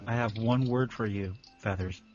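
A man's voice: on the low side, fairly even intonation, normal speed, darkish tone. A man co-hosting a podcast in casual chat, joking and playful, with bursts of laughter. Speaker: podcast co-host. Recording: slightly lo-fi with faint music.

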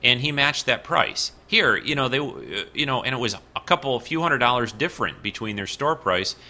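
A man's voice: medium pitch, lively intonation, normal speed, bright, forceful tone. A man hosting a casual solo podcast from his apartment bedroom, rambling and goofy with lots of fillers. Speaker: podcast host.

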